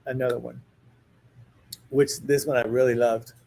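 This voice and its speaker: Man telling a story, animated. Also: mid-range voice, normal speed, gravelly, rough recording. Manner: animated storyteller who acts out quoted dialogue. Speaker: psychic medium. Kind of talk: casual storytelling chat.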